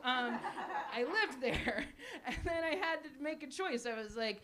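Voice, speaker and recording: A woman in her forties performing a live stand-up set at a small cafe, animated, laughing at her own jokes and shouting punchlines. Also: sits high, unhurried. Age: 40s. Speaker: stand-up comedian. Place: small cafe stage before a live audience.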